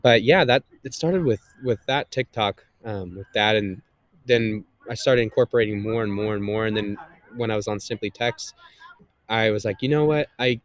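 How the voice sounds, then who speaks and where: A man's voice: on the low side, normal speed, no room sound. A man, a guest and content creator, chatting casually in an interview with a slightly nasal voice, rambling with many fillers and restarts.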